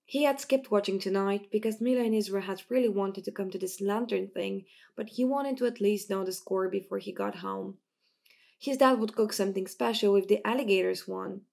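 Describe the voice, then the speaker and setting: A woman narrating an audiobook in a steady, even storytelling manner. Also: mid-range voice, a little fast, vocal fry.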